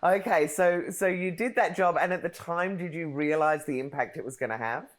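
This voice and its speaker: A woman's voice: deep voice, moderate pace. A woman hosting an interview, chatty and enthusiastic, laughing easily. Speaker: podcast host. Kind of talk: casual interview chat.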